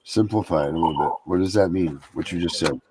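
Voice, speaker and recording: A man's voice: low-pitched, quick pace, darkish tone. A man hosting a casual livestream chat, talking in a rambling way with many fillers. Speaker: show host.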